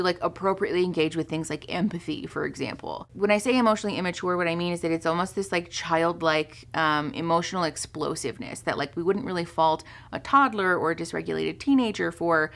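A woman's voice: lowish voice, creaky, fairly bright tone. A young woman therapist talking casually to camera, full of "um" and "like" fillers and the odd swear word. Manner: conversational, many fillers like "um" and "like", occasional swearing. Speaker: therapist and video host. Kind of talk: casual commentary, reading book passages aloud.

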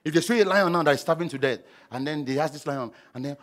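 A middle-aged man preaching a sermon, animated and humorous, acting out scenes with sound effects. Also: a little high, fast talker, few pauses. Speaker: pastor.

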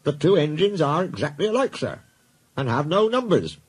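A man's voice: a little high, very animated, normal speed, husky, pitched above the performer's own voice. A man doing a deferential railway inspector. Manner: deferential and formal. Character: dutiful male railway inspector. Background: background music.

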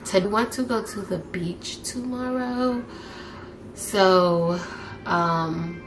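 A woman's voice: medium pitch, extremely slow. Laid-back woman vlogging over background noise. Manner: laid-back and chatty, talking straight to the viewers. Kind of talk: casual vlog chat to camera.

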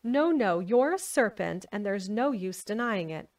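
A woman voicing a fretful female pigeon guarding her eggs, with a shrill, accusing manner. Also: expressive, unhurried, a little mellow, recorded from a distance. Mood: contemptuous. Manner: shrill, accusing, sobbing complaints.

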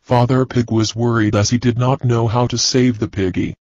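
A man teaching, reading a children's story and class activities aloud slowly and deliberately. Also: medium pitch, flat delivery, a little mellow, no room sound. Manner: slow, deliberate, clear reading. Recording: dull, dry lo-fi recording.

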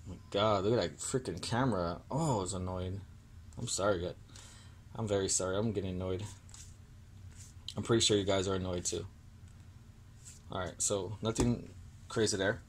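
A man's voice: sits low, slight background noise. Annoyed young man opening card packs. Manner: annoyed, apologetic, reads card names haltingly. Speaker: card-opening video host. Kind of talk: casual pack-opening vlog.

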